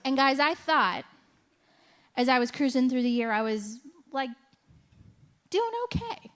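With a high, clean, slightly bright voice and lively intonation, a woman gives a testimony as a conversational sermon at an unhurried pace. Her storytelling is frank and self-deprecating, full of "like" and "right?".

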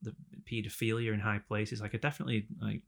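A young man co-hosting a podcast, rambling in a sweary, animated casual chat. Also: on the low side, quick pace, creaky. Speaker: podcast co-host.

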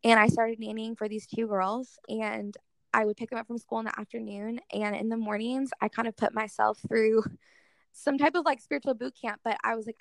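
Young woman with a gravelly, fry-laden voice. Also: a little high, steady tone, a little fast, dry recording. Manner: earnest, heavy use of "like" as filler. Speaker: guest speaker in worship ministry. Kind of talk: casual interview storytelling.

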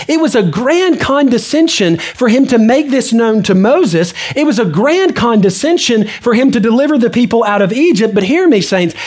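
Emphatic preaching man. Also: extremely high pitch. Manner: emphatic preaching with repeated phrases. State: out of breath. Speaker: pastor. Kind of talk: sermon.

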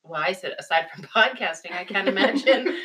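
A woman's voice: mid-range voice, animated, brisk, sharp tone, far from the mic, a little hiss or hum. A woman co-hosting a casual teachers' podcast, playful and joking with frequent laughs.

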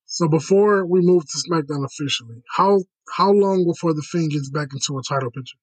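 A man's voice: on the high side, fairly quick, husky, no echo, poor audio. A man hosting a casual podcast chat, steering the talk and recapping events.

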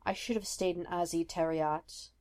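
A woman's voice: fairly low pitch, steady tone, normal speed, darkish tone, lightly acted. Woman reading a weary, bitter young prince. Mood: despondent.

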